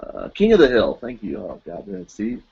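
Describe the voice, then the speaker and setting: Host, man in his 40s, lowish voice, loose and chatty, laughs at himself, dull lo-fi desk mic. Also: wildly swooping pitch, normal speed, creaky, breathy edge. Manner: rambling and self-mocking, chuckling often. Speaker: live stream host. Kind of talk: casual live-stream chat.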